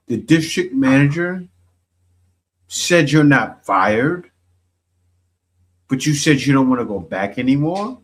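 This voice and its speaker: A man's voice: mid-range voice, animated, a little slow, long pauses. A man giving blunt, scolding commentary as he reacts to video clips.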